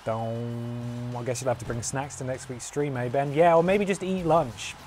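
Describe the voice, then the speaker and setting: A man's voice: medium pitch, steady tone, moderate pace, a little mellow, soft background music. A man streaming a wrestling game, calling the action as mock commentary with a playful, jokey manner. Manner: playful, jokey, breaks into humming and sound effects.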